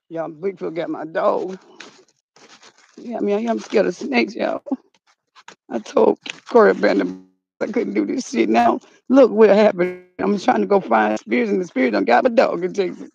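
Gravelly-voiced woman vlogging outdoors. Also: medium pitch, steady tone, normal speed. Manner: dramatic, slangy, calls out and shouts. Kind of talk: casual outdoor vlog. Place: outdoors in the cold. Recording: dull lo-fi phone audio.

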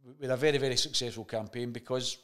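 This chat show guest has a Scottish accent and a medium-pitched, steady, fairly bright voice that moves very fast. Chatting casually, he tells a story, swears without restraint, and plays out the dialogue as he remembers it.

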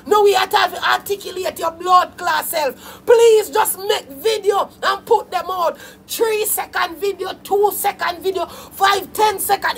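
A woman with a Jamaican accent delivering a loud, profane comedic rant, scolding and shouting. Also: very high voice, creaky. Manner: shouting, scolding, heavy swearing.

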